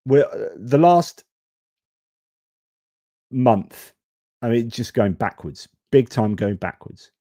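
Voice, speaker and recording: Mellow man ranting frankly. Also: mid-range voice, lively intonation, slow, pauses often, no room sound, clean studio sound. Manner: frank and exasperated, casual swearing. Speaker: host. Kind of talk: live-stream news commentary.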